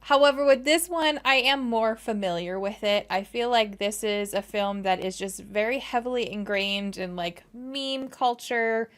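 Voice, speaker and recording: A young woman with a Western New York accent hosting a movie reaction vlog. She is bubbly and excitable, and she laughs often. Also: medium pitch, moderate pace, hardly any pauses, clear, resonant tone.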